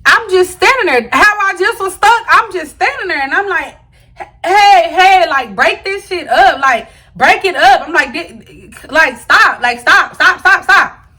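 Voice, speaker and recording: Animated high-voiced woman telling a story. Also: a little slow. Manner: animated, slangy storytelling to viewers. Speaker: vlogger. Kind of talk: storytime vlog.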